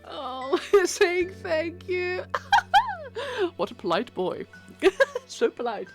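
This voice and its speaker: A woman streamer reading a dating game aloud and reacting, excitable, squealing and laughing often. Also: high voice, slow pace, over loud music. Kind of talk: live game read-along and commentary.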